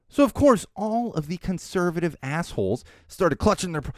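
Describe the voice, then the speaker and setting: A man hosting a podcast, giving opinionated political commentary in an animated, ranting way and swearing freely. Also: fairly high pitch, normal speed, no room sound, studio quality. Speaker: podcast host.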